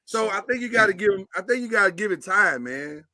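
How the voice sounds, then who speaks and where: A man's voice: high-pitched, lively intonation, brisk, pushed and bright, no echo, clean studio sound. A man hosting a casual sports talk panel in an easygoing way, handing the turn to the others.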